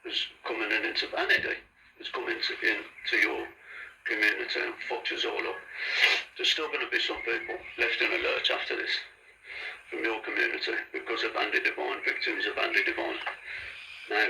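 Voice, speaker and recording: A man giving blunt shout-outs and complaints in a casual, profane monologue. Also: lowish voice, brisk, slight background noise, rough recording. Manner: blunt, swears freely. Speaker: vlogger.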